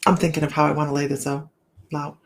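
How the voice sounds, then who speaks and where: A woman's voice: low voice, flat delivery, fast, background noise. A woman hosting a live tarot stream, chatting casually with viewers, greeting them by name and laughing often.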